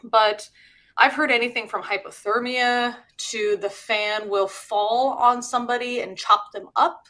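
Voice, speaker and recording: A woman's voice: fairly high pitch, fairly even intonation, unhurried, pushed and bright. A middle-aged woman hosting a live show, chatting casually and laughing as she explains things. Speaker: host and teacher. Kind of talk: casual live-stream chat.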